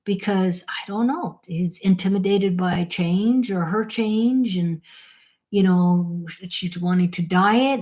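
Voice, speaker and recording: A woman's voice: medium pitch, a little mellow. A woman co-host chatting casually over a call, her voice in an ordinary mid register. She rambles through personal stories and swears without hesitation. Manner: candid, rambling storyteller who swears freely. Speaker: podcast co-host. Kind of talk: casual chat. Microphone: phone or call audio.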